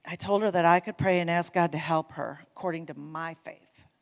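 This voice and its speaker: A woman preaching a sermon, telling a story with animated emphasis and urging her congregation on. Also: on the low side, normal speed, big-room sound. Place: church sanctuary.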